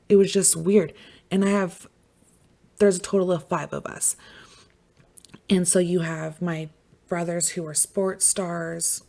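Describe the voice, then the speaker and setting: Woman podcast host, low gravelly voice, mellow tone, blunt and emphatic, swears a lot. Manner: emphatic, swears freely, full of "like". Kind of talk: casual true-crime chat.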